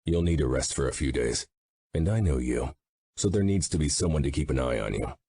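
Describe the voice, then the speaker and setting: A man voicing a stern mafia boss who is worried for his brother, in a dry, measured audiobook reading. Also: a bass voice, animated, dark tone, husky, dry recording, heavily acted. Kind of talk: audiobook narration.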